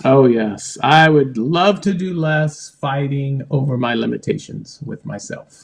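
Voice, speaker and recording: A man being interviewed on a podcast, telling rambling, animated stories. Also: mid-range voice, a little slow, gravelly. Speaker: podcast guest. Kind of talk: casual interview.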